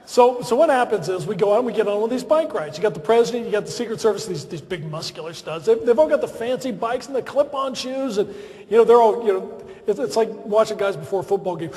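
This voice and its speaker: A man's voice: sits high, fast talker. A man giving a humorous, self-deprecating after-dinner speech at a podium in a large banquet hall. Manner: self-deprecating, lively storytelling.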